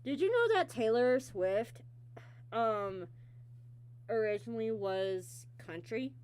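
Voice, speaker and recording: A woman hosting a casual online interview, talking haltingly with many ums and restarts. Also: fairly high pitch, expressive, a little mellow, clean tone. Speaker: interview host.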